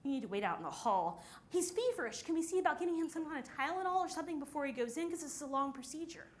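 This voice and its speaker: A woman with a high, light voice speaks on a conference stage. She tells a personal story and brings each quoted person to life with lively, animated shifts in delivery. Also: rapid-fire.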